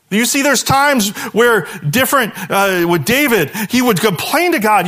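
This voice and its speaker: High-voiced guy preaching a sermon, lively, goes quiet for the prayer bits. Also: normal speed. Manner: animated preaching, dropping to a hushed voice for quoted prayers. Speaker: pastor.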